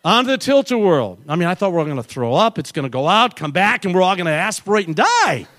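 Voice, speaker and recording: A middle-aged man preaching a sermon and telling a lively personal story, acting out voices and yelling along the way. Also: high-pitched, quick pace. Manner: animated storyteller, acts out voices and yells. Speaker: pastor.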